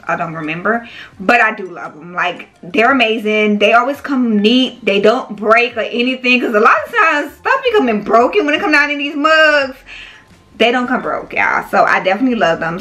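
A woman's voice: mid-range voice, pushed and bright. A woman running a small business, chatting casually to her viewers, calling them "y'all" and "baby". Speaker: small business owner and vlogger.

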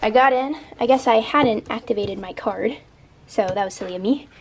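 A woman's voice: on the high side, normal speed, background noise. A young woman and college student chatting in a bubbly, giggly way for her vlog. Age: young adult. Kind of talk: casual vlog chat.

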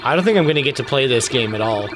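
A man's voice: medium pitch, expressive, racing, music in the background. Teasing man cheering at a game. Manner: teasing, joking, cheering during play. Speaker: podcast co-host. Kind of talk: casual chat while gaming.

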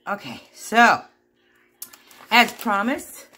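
A woman craft vlogger at home, chatting casually to viewers in a giddy, excitable, giggly way. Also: mid-range voice, very slow. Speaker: craft vlogger hosting a giveaway.

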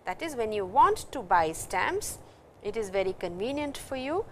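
A woman's voice: a little high, sing-song, normal speed, a little mellow, slight background noise. A woman with an Indian English accent teaching a recorded Japanese language lecture, reading example sentences and explaining them in English.

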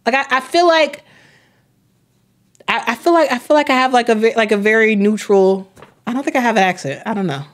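A woman's voice: fairly high pitch, fast. Chatty young woman hosting a live stream. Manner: chatty, repeats words, many fillers, reads chat aloud. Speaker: host of a sports live stream. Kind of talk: casual live-stream chat.

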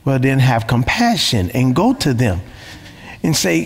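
A man's voice: mid-range voice, very animated, measured pace, vocal fry, husky, in a large hall. A man preaching a sermon as pastor, emphatic, repeating phrases and asking rhetorical questions.

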